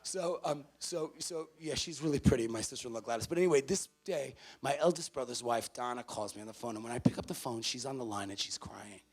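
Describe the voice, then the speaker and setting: A man speaking as a motivational speaker to a college audience. He is emphatic and repeats his key phrases, swinging from loud to hushed. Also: medium pitch, quick pace, hardly any pauses. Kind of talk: motivational talk to students. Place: college event before a student audience.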